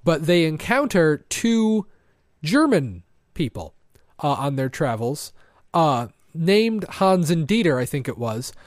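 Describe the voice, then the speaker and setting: A man's voice: fairly high pitch, sing-song, slow pace, dry recording, studio quality. A man co-hosting a podcast, chatting casually in a rambling, self-deprecating way with a slight lisp. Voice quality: slightly lispy. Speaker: podcast co-host. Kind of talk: casual comedic chat.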